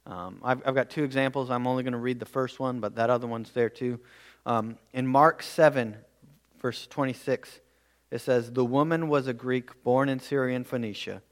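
A man's voice: mid-range voice, fairly even intonation, normal speed. A man preaching a verse-by-verse sermon in an earnest way, often repeating words as he goes. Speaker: pastor.

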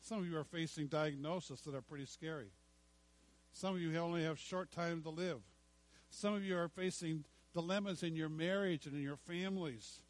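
A middle-aged male pastor preaching a sermon, slowing down to stress scripture and dropping to quiet asides. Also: a little high, poor audio. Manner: emphatic preaching, slows to stress scripture, drops to hushed asides.

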